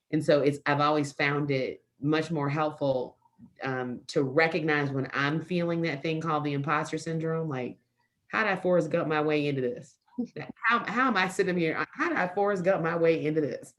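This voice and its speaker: A middle-aged woman speaking as a forum panelist, emphatic and impassioned. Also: deep voice.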